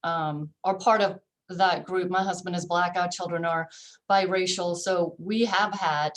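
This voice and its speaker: A woman panel guest speaking thoughtfully as a parent, with some halting phrasing. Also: lowish voice, steady tone. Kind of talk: radio panel discussion.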